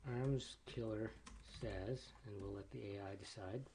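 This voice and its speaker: A man with a fairly low voice plays a text adventure and reads its story aloud in a casual, off-the-cuff way. He thinks aloud as he goes, with faint keyboard typing behind him. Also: unhurried, dark tone, slight background noise. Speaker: player reading the game aloud. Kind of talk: casual gameplay commentary.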